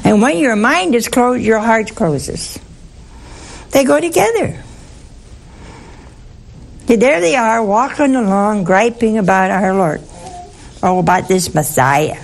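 A woman's voice: on the high side, expressive, slow pace, creaky, pauses often. A woman giving an informal Bible teaching to a group, talking conversationally and often putting questions to her listeners.

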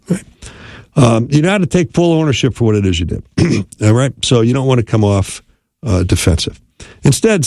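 Gravelly man teaching in a dry room. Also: lowish voice, darkish tone, no echo. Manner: checks in with frequent "right?" and "okay?"; lists steps and acts out example phrases. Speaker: speaker on marriage. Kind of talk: conversational teaching talk.

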